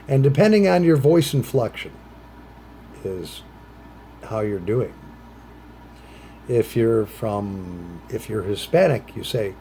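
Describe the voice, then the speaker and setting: A middle-aged man chatting casually while smoking a pipe; he rambles, trails off into low mutters, and jumps into bright, higher voices for quoted phrases. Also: lively intonation, normal speed, slight background noise. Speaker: vlogger.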